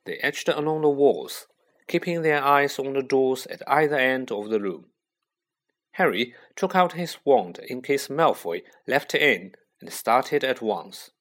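A man reading a children's novel aloud, unhurried and expressive. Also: mid-range voice. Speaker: audiobook reader. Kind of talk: storybook narration.

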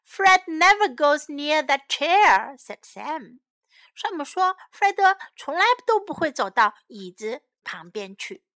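A woman reads a bedtime story for young children, saying each English line and then translating it. Her voice is high, bright and swooping, and she takes her time over every word. Later she repeats short English phrases slowly so children can say them back. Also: sing-song, no room sound. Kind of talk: children's bilingual story reading.

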